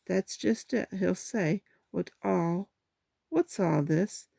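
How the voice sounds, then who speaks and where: A woman voicing a gentle, simple-minded bear in a storybook reading, slow and earnest as he thinks things out. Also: on the low side, creaky, breathy edge, no room sound, clean studio sound, full character voice. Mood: thoughtful. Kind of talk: storybook read-aloud.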